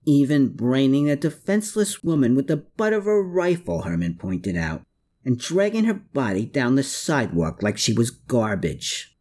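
A man narrating a novel, dropping low and slowing for the dialogue tags. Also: very animated, a little mellow. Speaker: audiobook narrator.

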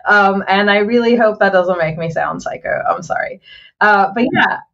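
A woman's voice: medium pitch, a bit bright. A woman game developer chats in an interview, her talk full of fillers and restarts. Her voice sits in the middle range, on slightly dull, lo-fi audio. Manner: chatty, halting, many fillers and restarts. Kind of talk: casual interview chat.

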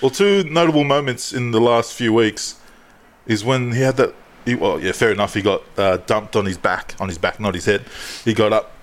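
A man's voice: lowish voice, normal speed. A man hosting a podcast, joking crudely with a mate and laughing often. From Australia. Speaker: podcast host. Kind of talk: casual banter.

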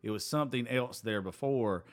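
Man hosting a casual interview. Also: medium pitch. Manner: measured, questioning, plays devil's advocate. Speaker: host.

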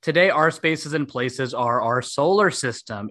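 A man's voice: mid-range voice, lively intonation, a little slow, pushed and bright. Brief: a talkative male host for a casual podcast, self-mocking and upbeat. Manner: chatty, self-deprecating, laughs often.

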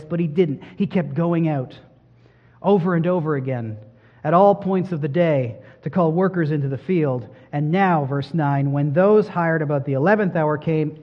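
High-voiced preacher in a reverberant hall. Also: male voice. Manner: preaching with rising emphasis and soft drops. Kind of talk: sermon. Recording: dull sound with long hall reverb.

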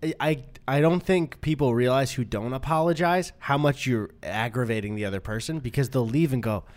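A man's voice: medium pitch, a little fast. A man co-hosting a podcast in casual chat, swearing freely and jumping into goofy voices for bits. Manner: animated, swearing, slips into put-on voices for bits. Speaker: podcast co-host.

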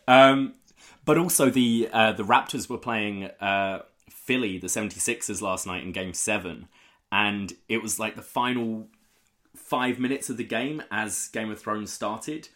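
A man's voice: fairly low pitch, slow. A man hosting a casual podcast, telling stories with energy. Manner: energetic storyteller, lively. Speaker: podcast host.

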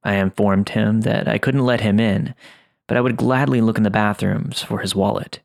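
Man, horror story narrator, low gravelly voice, dry close sound, measured read. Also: steady tone, no echo. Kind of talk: scripted first-person horror narration.

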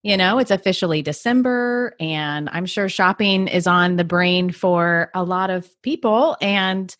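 A woman's voice: on the low side, measured pace, fairly bright tone, no room sound, clean studio sound. A woman co-hosting a podcast in casual, upbeat chat, laughing easily and talking about her kids. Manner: upbeat, easygoing, laughs often. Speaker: podcast co-host; mother.

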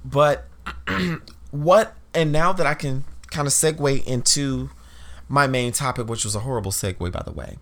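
A woman with a gravelly, creaky voice speaks on her podcast in a fired-up, preachy monologue. She presses her points hard and talks straight to her listeners, calling them y'all. Her emotion is audible as she goes. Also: a bass voice, a little slow. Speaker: podcast host.

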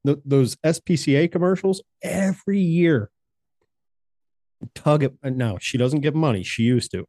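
A man co-hosting a podcast, chatting casually and profanely with quick asides. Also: fairly high pitch, warm tone, no room sound, clean studio sound. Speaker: podcast co-host. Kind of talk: casual chat.

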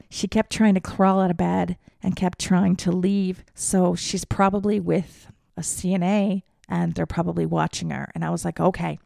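This young adult podcast host has a fairly low, creaky, mellow voice as she frankly recounts something from her own life, swearing liberally and imitating what others said. It's studio quality with no echo.

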